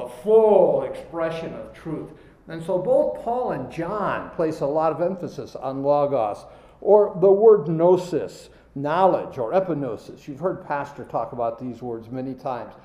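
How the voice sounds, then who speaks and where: A man's voice: a little high, roomy sound, highs cut off. A man preaching a sermon, reading scripture aloud and stressing key words as he goes.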